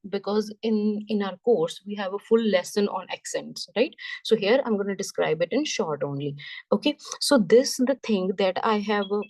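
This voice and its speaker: A woman teaching French, explaining slowly step by step, often repeating herself and checking in with "right?". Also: mid-range voice, a little mellow, no echo. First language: Punjabi. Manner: slow, repetitive, checks understanding with "right?". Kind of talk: classroom lesson explanation.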